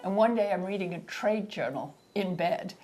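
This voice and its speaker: A woman's voice: medium pitch, expressive, normal speed, music in the background. A woman from Scotland telling a wry, humorous story in a casual interview.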